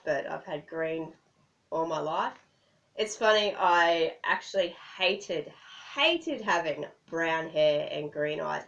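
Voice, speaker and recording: An Australian woman chatting casually as a vlogger, rambling and self-deprecating with frequent laughs. Her voice is low and gravelly. The sound is dull and lo-fi, taken from a distance off the mic. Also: fairly bright tone. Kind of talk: casual chat to camera.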